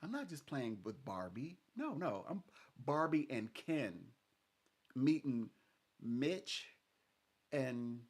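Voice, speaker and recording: A man with a medium-pitched voice that swings widely talks slowly, pausing often. He's a psychic reader chatting casually with a client, rambling, laughing a lot, and acting out what other people said.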